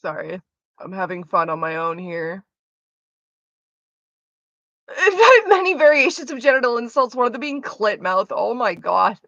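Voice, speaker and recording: A woman with a somewhat high voice chats casually on a live stream, drifting between asides with plenty of swearing. She is heard through a dull, slightly muffled mic in a dead, dry room. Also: sing-song, measured pace, pauses often, a bit bright, dry recording. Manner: rambling, sweary, chatty asides.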